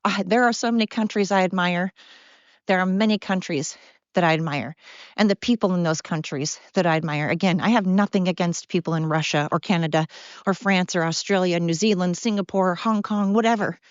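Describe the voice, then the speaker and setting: A woman's voice: lowish voice, a little fast, no echo. A middle-aged woman rants on her podcast while walking outdoors in the cold, out of breath and swearing freely. Her tone stays blunt and sarcastic throughout. The recording is dull and lo-fi, with a dry, close sound. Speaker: podcast host. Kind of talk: casual ranting monologue.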